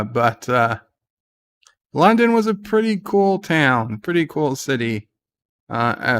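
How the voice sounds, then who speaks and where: A man's voice: medium pitch, creaky, a bit bright, no room sound. A man hosting a casual livestream, reading viewer comments aloud and rambling on irreverently with plenty of fillers. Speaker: livestream host.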